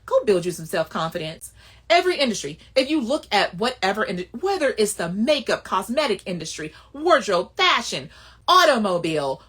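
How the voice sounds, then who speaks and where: A woman's voice: sits high, a bit bright. A woman giving life advice in a casual, emphatic monologue with sassy asides.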